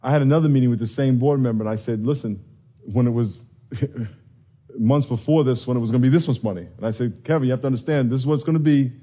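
A man preaching a sermon, telling stories with animated energy and acting out the quoted voices. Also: medium pitch, fast. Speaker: pastor.

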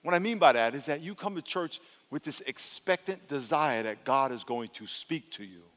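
A male pastor preaching an animated sermon in a church, calling on the congregation to answer back. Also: mid-range voice, normal speed. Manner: animated, calls for congregation responses. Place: church sanctuary. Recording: long hall reverb.

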